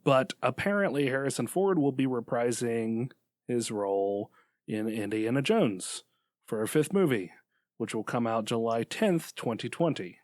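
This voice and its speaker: A man's voice: mid-range voice, expressive, measured pace, a little mellow, no echo, studio quality. A man co-hosting a podcast, chatting casually, laughing often and playfully blunt. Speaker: podcast co-host. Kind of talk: casual banter.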